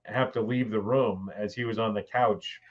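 Older man, retired, deadpan pause-heavy storyteller; lo-fi remote audio. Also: on the low side. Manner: dry, measured storytelling with many pauses. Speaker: guest, host's father. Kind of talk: casual chat.

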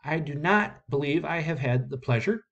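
A man reading aloud, voicing a polite young male stage actor who speaks in a formal, courteous and measured way. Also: on the high side, lively intonation, vocal fry, fairly bright tone, dull audio, voice pushed up, heavily acted.

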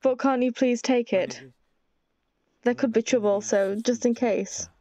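A woman's voice: a little high, unhurried, mellow, lo-fi sound. A woman reading a timid, clingy young man from a game, pleading and apologetic.

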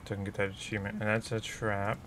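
A man's voice: on the low side, completely flat delivery, fast talker. Swearing man coaxing zombies in a game. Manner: swears freely, coaxes enemies with repeated calls. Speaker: gameplay commentator. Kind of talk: casual gameplay commentary. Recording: commentary over noisy game audio.

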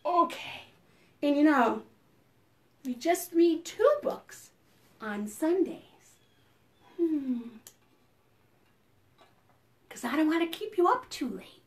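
A young woman librarian reading a picture book aloud at preschool storytime, talking to the children with gasps, whispers and sudden bursts of excitement. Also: high voice, slow, long pauses. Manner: animated, gasping and whispering to draw children in.

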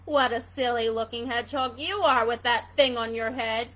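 A woman's voice: a little high, fairly even intonation, normal speed, fairly bright tone, pitched below the performer's own voice, lightly acted, low-quality recording. A woman voicing a teasing male barn cat in a children's read-aloud. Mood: mocking. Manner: mocking.

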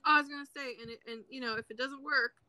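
A woman in her thirties from South Carolina, with a Southern US accent, hosts a livestream and chats bluntly and casually while crocheting. Her high, bright voice is steady and forceful, and she talks quickly, frankly, and swears freely. The recording is dry and low quality.

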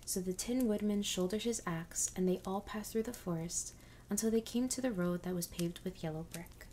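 A woman reads a storybook as whispered role-play ASMR, her voice mostly an unvoiced whisper. She keeps an even, unhurried pace. A faint hiss sits behind her. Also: medium pitch. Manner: soft-spoken, unhurried reading.

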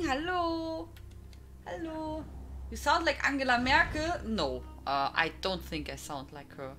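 Speaking with a lowish, sharp-toned voice and a heavy German accent, a German woman hosts a relaxed live stream, welcoming viewers by name and often breaking into laughter.

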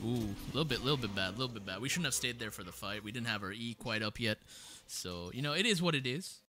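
A gaming streamer gives live play-by-play commentary in a fast, sharp, medium-pitched voice with lively intonation. He's slangy and casual, calling his viewers "boys" and "bro" and repeating his own phrases.

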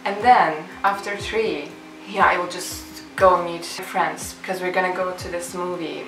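A woman's voice: fairly low pitch, steady tone, normal speed, poor audio. A young woman, a music production student, chatting casually and playfully in a vlog, laughing between phrases as she shows her recording gear. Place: home recording setup, indoors. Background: music playing underneath.

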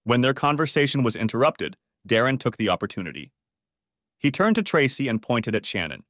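A man reads a revenge story aloud with an animated, swinging pitch. The recording is close and dry, with no room sound around the voice. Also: fairly quick, no room sound. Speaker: audiobook narrator. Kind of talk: scripted story narration.

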